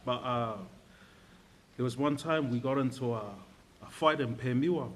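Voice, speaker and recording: A man's voice: mid-range voice, fairly even intonation, moderate pace, a little hiss or hum. Subdued New man speaking unscripted. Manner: hesitant, subdued, full of fillers. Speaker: best friend giving a eulogy. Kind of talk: unscripted funeral speech.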